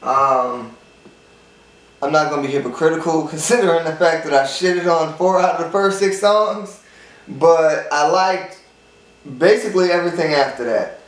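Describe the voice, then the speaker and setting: A man's voice: on the high side, normal speed. A man reviewing an album in casual chat, rambling and profane with lots of fillers. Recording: echoey room, far from mic.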